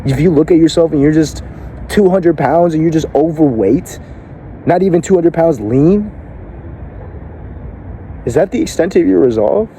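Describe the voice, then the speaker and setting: A man's voice: fairly high pitch, animated, normal speed, long pauses, mellow, a little hiss or hum. A man giving a motivational speech in a blunt, confrontational way, cursing and firing rhetorical questions at the listener. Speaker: motivational speaker.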